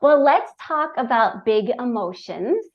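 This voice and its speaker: A woman's voice: on the high side, expressive, a little slow, dull audio. A woman hosting a podcast, affirming her guest and laughing often in casual interview chat. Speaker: podcast host.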